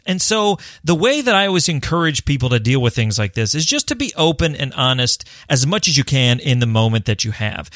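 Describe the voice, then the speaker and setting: A man's voice: mid-range voice, sing-song, a little fast, few pauses, a bit bright, no room sound, studio quality. A man hosting his own podcast, talking in an upbeat, encouraging, conversational way. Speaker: podcast host. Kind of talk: casual solo podcast talk.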